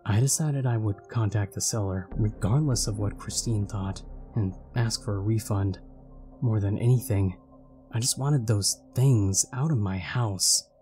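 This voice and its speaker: Low, dark-voiced male horror narrator. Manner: measured, steady storytelling. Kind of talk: scripted horror story narration. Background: faint background music.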